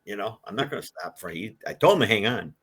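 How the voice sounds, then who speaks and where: An older man tells a long, rambling story in a relaxed interview. His voice is bright and forceful, and he jumps into other people's voices when he quotes them. The delivery is loose and chatty, with lots of restarts. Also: lowish voice, quick pace, slightly rough. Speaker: guest, collector of a presidential car.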